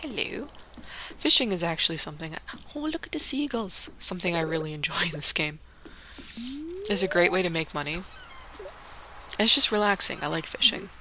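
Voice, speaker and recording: A woman's voice: lowish voice, a little fast, pauses often, pushed and bright. A young woman hosting a laid-back game playthrough, rambling and swearing, full of fillers. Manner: rambling, profane, full of likes. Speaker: let's play host. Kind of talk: casual gaming commentary.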